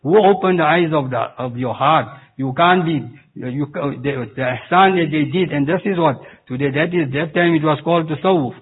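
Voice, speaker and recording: A man preaches a religious sermon, breaking off and restarting his phrases and reciting Arabic verses. His voice is husky and a little high. It comes through a thin, phone-like recording. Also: normal speed. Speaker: Sufi preacher. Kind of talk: Islamic sermon.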